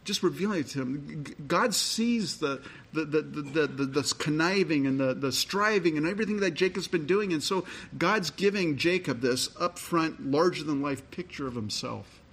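A man's voice: on the high side, animated, moderate pace, a bit bright, slightly rough. A middle-aged man, a pastor, preaching a sermon in a conversational storytelling way and reading scripture aloud.

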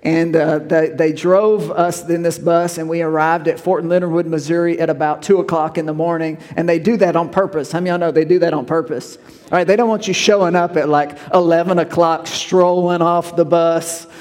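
Folksy preacher, slightly high voice. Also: male voice, steady tone, brisk, a little mellow, big-room sound. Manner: folksy and conversational, with storytelling and restarts. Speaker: pastor. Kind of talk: sermon.

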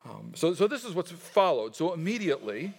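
A man's voice: a little high, very animated, brisk, gravelly, slightly rough. A man preaching a sermon as pastor, reading scripture and having the congregation repeat lines back, in a conversational, unpolished way. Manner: leads the congregation in call-and-response repetition; conversational, with fillers and restarts. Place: church sanctuary. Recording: long hall reverb.

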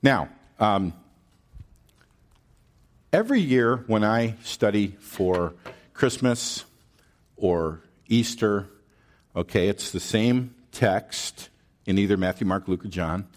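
A man preaching a sermon, teaching from scripture with rhetorical questions and frequent check-ins with the congregation. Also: fairly low pitch. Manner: animated preaching, slow and deliberate with drawn-out words. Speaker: pastor.

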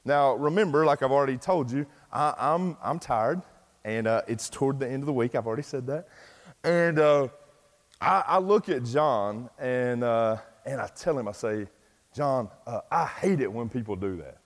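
A man's voice: medium pitch, lively intonation, normal speed. A middle-aged man, a pastor telling a self-deprecating story in a folksy sermon with plenty of fillers. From East Tennessee, US. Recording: long reverb from a large hall.

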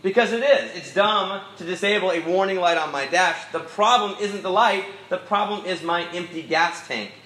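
A man's voice: high-pitched, normal speed, few pauses, sharp tone, echoey room, low-quality recording. A middle-aged man preaching a sermon in an easygoing, storytelling way with self-deprecating asides. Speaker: pastor.

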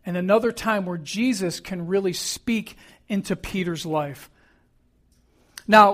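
High-voiced male pastor retelling scripture. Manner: conversational storytelling. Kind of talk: sermon.

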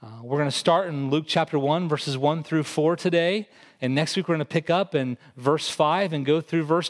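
A male pastor giving a conversational sermon to his congregation, often repeating words as he restarts a thought. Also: fairly high pitch. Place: church hall with congregation.

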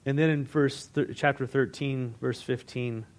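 A man's voice: medium pitch, steady tone, a little slow. A man preaching a sermon in a conversational way, asking the congregation questions and retelling scripture in everyday words. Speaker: pastor.

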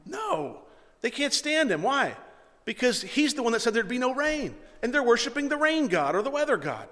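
A man preaching a sermon, reading scripture and swinging between quiet reading and loud, mocking asides. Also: very high voice, very animated, moderate pace, long reverb tail. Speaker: pastor.

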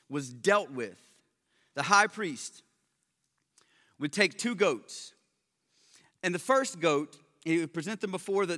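A man preaching a sermon, swinging between loud emphatic stresses and quiet low asides, with joking remarks. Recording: long hall reverb.

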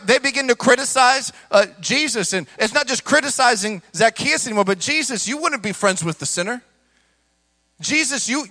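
Male pastor, high bright voice, passionate sermon delivery, echo of a big hall. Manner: impassioned preaching, acts out quoted voices.

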